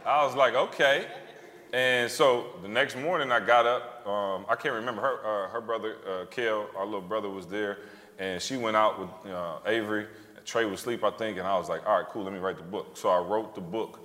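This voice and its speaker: A man's voice: on the low side, steady tone, brisk, pushed and bright. A man in his thirties, an author and podcast co-host, telling a story on a live stage and acting out the quotes with animation. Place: stage before a live audience. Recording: roomy hall reverb.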